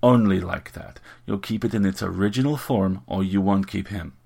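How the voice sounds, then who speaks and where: A man's voice: sits low, moderate pace, gravelly, a little mellow, husky, heavily acted. A man reading an audiobook and voicing a fussy, self-assured sorceress with an affable, smug manner.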